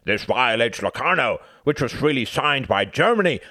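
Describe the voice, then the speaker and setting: A man's voice: mid-range voice, moderate pace, no room sound, clean studio sound. A man voicing a blunt, scornful aging British statesman in an audiobook, arguing emphatically. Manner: emphatic, lively argumentative delivery. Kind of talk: audiobook character reading.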